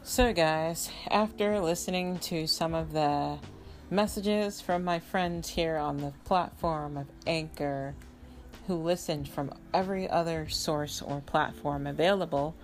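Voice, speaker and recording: Female podcast host, deep-pitched, informal solo chat with listeners. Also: unhurried, soft background music. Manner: chatty, informal, trailing fillers.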